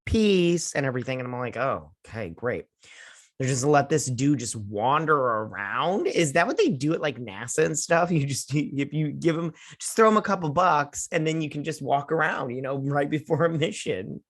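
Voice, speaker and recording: A young man hosting a casual episode review, recapping the plot sarcastically and mocking the characters' lines in quick put-on voices. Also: fairly high pitch, lively intonation, fairly bright tone. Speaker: show host.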